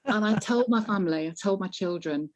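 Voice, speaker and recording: A voiceover artist with a Northern English Manchester accent chats as a guest in a casual interview, warm and animated as she tells stories, laughing often. Her voice is mid-range and slightly fast.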